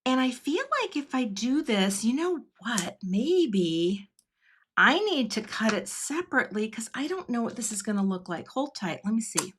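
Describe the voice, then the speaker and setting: Working through a live card-making demo, this craft product designer from Washington State, a middle-aged woman, laughs a lot and chats with her audience. She sounds very animated, with a fairly high, slightly bright voice at a moderate pace, plus a bit of hiss or hum.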